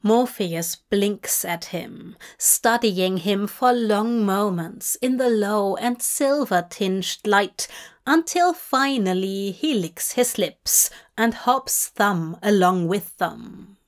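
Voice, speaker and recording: A woman reading a fanfic aloud as audiobook narration, in a measured, intimate way. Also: mid-range voice, lively intonation. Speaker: fanfic reader.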